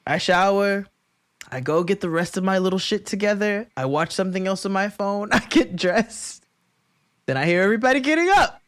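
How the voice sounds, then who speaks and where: A woman co-hosting a podcast, spinning a long story in loose, animated chat. She laughs through her lines and swears freely. Her voice sits close and dry on the mic, with no room sound. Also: mid-range voice, normal speed, no room sound. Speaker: podcast co-host.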